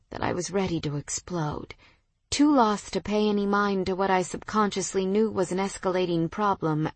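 A young adult woman narrating a first-person romance audiobook in an intimate, measured, expressive way. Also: medium pitch, no echo.

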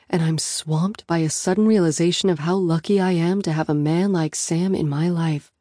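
A woman reads a novel aloud in the first person with an intimate, reflective manner. Her voice is fairly low and warm. The recording is close and dry, with no room sound. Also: dry recording. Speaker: audiobook narrator.

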